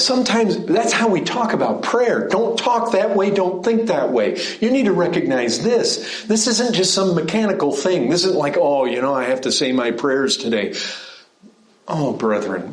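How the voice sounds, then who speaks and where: Animated man preaching in an echoey room. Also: sits high. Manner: animated, conversational preaching with rhetorical questions. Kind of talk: sermon.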